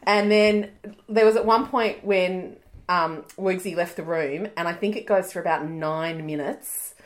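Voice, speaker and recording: A woman's voice: fairly low pitch, measured pace. A woman, co-hosting a casual chat podcast and telling stories with lots of laughter and acted-out quotes. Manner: chatty storyteller, laughs often, acts out quoted voices. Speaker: podcast co-host.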